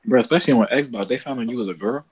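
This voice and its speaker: A man's voice: medium pitch, very fast, crowd noise. A man co-hosting a podcast, laid-back, joking and slangy in casual chat. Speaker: podcast co-host. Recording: muffled with faint noise.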